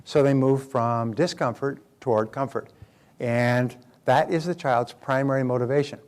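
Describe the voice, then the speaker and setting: A man's voice: mid-range voice, fairly even intonation, moderate pace, a little mellow. An older man, a motivational speaker, lecturing in an emphatic, repetitive way and telling anecdotes with acted-out quotes.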